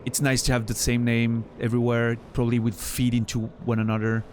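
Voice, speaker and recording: A male game streamer talks at an ordinary middle pitch in a loose, rambling way. He muses aloud between moves in the game. He restarts his sentences often and breaks into chuckles. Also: completely flat delivery, fast talker, a little mellow, slight background noise. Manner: rambling, chatty storyteller with frequent laughs and restarts. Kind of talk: casual chat while playing a game.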